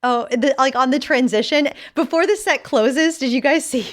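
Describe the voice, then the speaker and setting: A young woman co-hosting a casual podcast, animated and laughing often as she reads quotes aloud. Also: high voice, normal speed. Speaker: podcast co-host.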